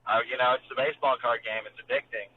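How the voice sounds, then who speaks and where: A man calls in to a podcast from his phone on the road, speaking at a middling pitch. He sounds laid-back and hesitant, with lots of fillers. The line is tinny and cuts out, with faint noise behind him. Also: steady tone, quick pace. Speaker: guest calling in. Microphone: phone while driving.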